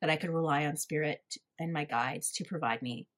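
A woman's voice: deep voice, fairly quick, a bit bright. A woman spiritual coach as a podcast guest, talking in casual chat in an earnest, reflective way.

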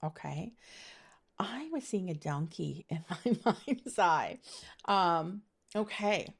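Slow and animated, this middle-aged woman's lowish voice has a creaky quality and a breathy edge. She's a spiritual reader offering her monthly intuitive energy reading in a chatty, meandering way, full of fillers and quick to laugh.

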